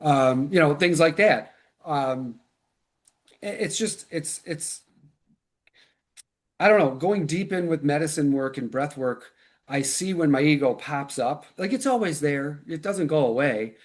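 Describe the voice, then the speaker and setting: A man's voice: fairly high pitch, measured pace. A man as a podcast guest, talking casually with lots of fillers and restarts. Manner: loose and filler-heavy, with frequent restarts. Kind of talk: casual conversational interview.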